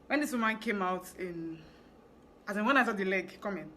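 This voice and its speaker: A woman's voice: medium pitch, brisk, a little hiss or hum. A young woman with a Nigerian English accent, telling a story from her fashion business in a casual, chatty vlog. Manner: chatty, animated storytelling with asides. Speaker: fashion business owner vlogger.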